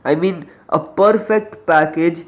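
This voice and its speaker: A man's voice: fairly high pitch, slow pace. Young man, Indian accent, slight cold, chatty, rambling, casual vlog host. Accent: Indian English. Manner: chatty and rambling, often trailing off. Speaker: YouTube wrestling reviewer.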